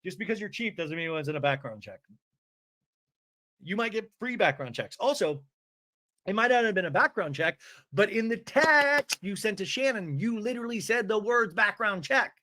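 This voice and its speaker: A man hosting a podcast, recapping a reality TV episode with animated, sarcastic, gossipy commentary. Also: high-pitched, moderate pace. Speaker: podcast host.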